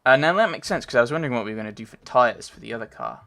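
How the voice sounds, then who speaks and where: A man's voice: medium pitch, lively intonation, racing, gravelly, fairly bright tone, soft background music. A man giving casual, rambling commentary while playing a game, thinking aloud and reading on-screen text. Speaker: let's play gamer.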